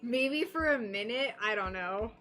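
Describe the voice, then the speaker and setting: High-pitched, slow-talking chatty woman. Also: animated, pushed and bright, faint music behind. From North Carolina, USA. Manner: chatty, rambling, giggly, self-conscious. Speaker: stained glass livestreamer. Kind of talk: casual chat while working.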